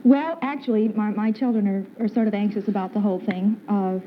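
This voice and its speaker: A woman from Hollywood, a quiz show contestant chatting with good humor and a little halting. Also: mid-range voice, steady tone, a little hiss or hum. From Hollywood, USA. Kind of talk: casual chat. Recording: dull lo-fi 1950s broadcast.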